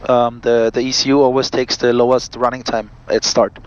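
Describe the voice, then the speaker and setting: A man, a pilot and vlog host, reading out cockpit checklists crisply and adding friendly asides to viewers from a small aircraft cockpit. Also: mid-range voice, little pitch movement, moderate pace, muffled recording, a little hiss or hum.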